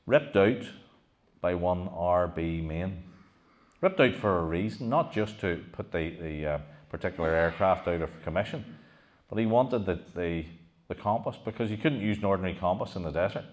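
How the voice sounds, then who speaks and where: A middle-aged man giving a public history talk to an audience. He speaks animatedly, puts questions to the room and often restarts his sentences. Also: deep voice. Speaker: lecturer giving a museum talk.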